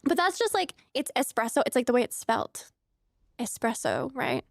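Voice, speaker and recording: Young woman, game streamer, chatty and giggly, a bit high, dry close sound. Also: expressive, a little fast, dry recording. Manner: chatty, rambling asides, laughs often. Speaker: streamer playing a farming game. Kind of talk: casual let's-play chat.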